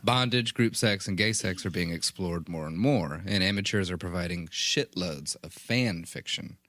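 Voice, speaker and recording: A man co-hosting a podcast, reading research notes aloud in a steady, plain delivery. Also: deep voice, moderate pace, dry recording. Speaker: podcast co-host.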